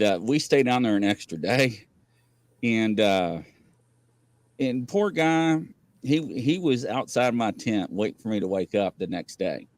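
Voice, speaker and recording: With a lowish voice captured in a dry recording, a man hosts a paranormal variety show as a casual livestream. He is an animated storyteller who rambles through tales and laughs a lot.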